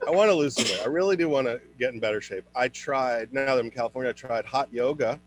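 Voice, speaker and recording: A young man performing a stand-up comedy set for an online show, switching into high put-on voices for his characters. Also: fast.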